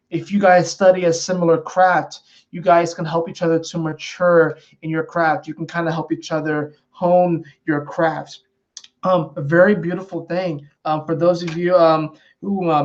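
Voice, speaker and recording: A man giving a casual, rambling astrology and tarot reading, full of fillers and repeated phrases. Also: fairly high pitch. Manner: rambling, conversational, many fillers and repetitions. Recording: dull lo-fi sound.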